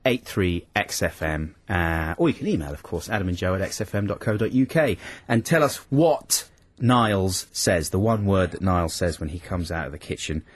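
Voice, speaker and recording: A radio host chatting in a studio, stumbling over his words and apologising between chuckles. His voice sits fairly low and sounds husky, recorded close and dry. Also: normal speed, no echo. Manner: stammering, apologetic, laughs at himself. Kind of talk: casual radio chat.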